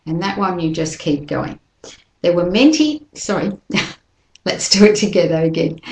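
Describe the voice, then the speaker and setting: A woman teaching an English pronunciation lesson, slowly modelling words and sentences for listeners to repeat. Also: on the low side. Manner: slow, careful modelling of words for repetition. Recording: echoey room.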